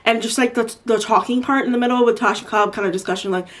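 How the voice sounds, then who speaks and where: A woman's voice: on the high side, fairly even intonation, fast talker. A woman in her twenties answering viewer questions in a casual, rambling chat full of fillers like "like" and "um". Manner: chatty, rambling with many "like" and "um".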